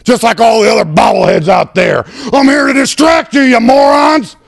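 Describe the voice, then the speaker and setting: A bellowing, crude radio-host parody. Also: male voice, very high voice, normal speed, exaggerated voice. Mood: ranting. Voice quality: gravelly, raspy shouting. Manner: bellowing, hammy, over-the-top. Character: ranting loudmouth male radio host parody, crude and boastful. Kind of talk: comedic sketch acting.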